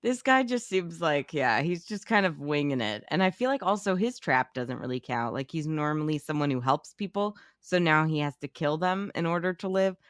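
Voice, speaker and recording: A woman co-hosting a casual film podcast, talking animatedly and swearing freely, with her pitch jumping up when she gets excited. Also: normal speed, hardly any pauses, no echo, clean studio sound. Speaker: podcast co-host.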